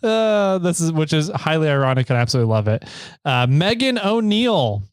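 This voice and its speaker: Podcast host guy, bit higher voice, chatty, laughs a lot, dry close mic. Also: sing-song, a little fast, clear, resonant tone, dry recording. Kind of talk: casual podcast chat. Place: small podcast studio.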